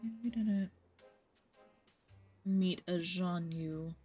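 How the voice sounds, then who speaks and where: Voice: medium pitch, drawn-out words, mellow. A streamer talking casually over a video game, chatty and playful with a rambling flow. Faint game music runs underneath.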